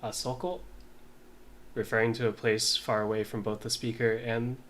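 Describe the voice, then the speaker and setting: A man in a casual study session, reading lines aloud slowly and mumbling as he writes and sounds out words. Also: mid-range voice, flat delivery, a bit bright, a little hiss or hum. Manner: slow, mumbling while writing, sounds out words. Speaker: language learner.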